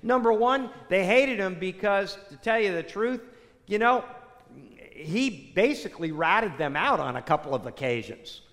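A man's voice: high voice, animated, measured pace, fairly bright tone. A man preaching a sermon in a conversational way, sprinkling his talk with "you know" asides. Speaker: pastor. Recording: echoey hall.

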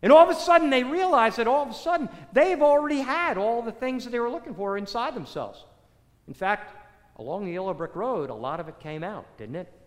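An animated male preacher who keeps asking rhetorical questions and drums home phrases by repeating them. His voice is high for a man and swings widely in pitch. A long reverb trails through a large hall. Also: fairly quick. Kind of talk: sermon.

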